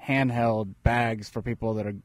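A man's voice: on the low side, steady tone, normal speed, no room sound. A man co-hosting a talk show, giving brief, matter-of-fact replies in casual banter. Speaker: co-host.

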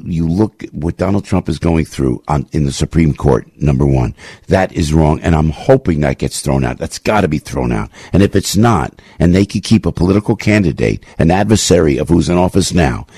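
A male radio show host delivering an impassioned, ranting commentary monologue, full of rapid restarts, into a studio microphone. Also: rumbling low, lively intonation, mellow, breathy edge, no room sound.

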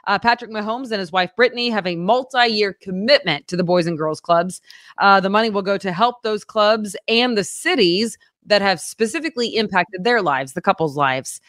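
A woman co-hosting a casual local news show, chatty and quick to laugh, with many fillers. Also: medium pitch, animated, a bit bright, dry recording, studio quality.

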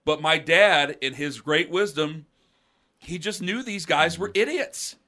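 A middle-aged man on a podcast, telling rambling stories in a casual, animated way. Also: fairly high pitch, a little slow. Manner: rambling, animated storyteller with mocking quoted voices. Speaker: podcast co-host. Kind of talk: casual storytelling chat.

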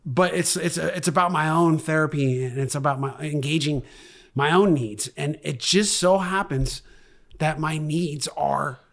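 Man, gravelly, slightly high, profane, candid podcast guest. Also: unhurried, fairly bright tone. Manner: profane, candid, heated storytelling. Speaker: podcast guest, graffiti artist. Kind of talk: casual podcast conversation.

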